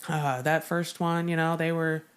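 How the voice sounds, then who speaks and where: A woman's voice: sits low, flat delivery, measured pace. A woman guest in a casual interview, telling a story with lots of swearing and acted-out quotes. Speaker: Navy veteran.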